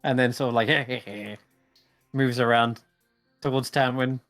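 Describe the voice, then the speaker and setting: A man's voice: medium pitch, steady tone, slow, a bit bright, soft background music. A man narrating as dungeon master in a tabletop game, loose and chuckling with fillers.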